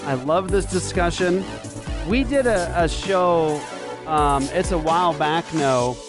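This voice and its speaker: A man hosting a talk show, upbeat and animated in casual banter. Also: on the high side, takes it slowly, over music. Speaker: host.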